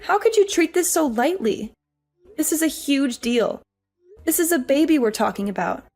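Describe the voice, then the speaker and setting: An actress playing an exhausted young working wife, weary and pleading. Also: female voice, sits high, animated, normal speed, a little mellow, faint music behind. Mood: upset. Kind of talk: audio drama acting.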